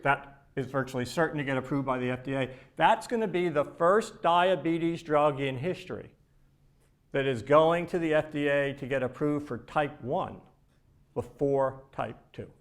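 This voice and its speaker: A man's voice: a little high, moderate pace. Emphatic man giving a keynote speech. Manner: emphatic, conversational, with repeated words. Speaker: keynote speaker for a research charity. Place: conference stage before an audience.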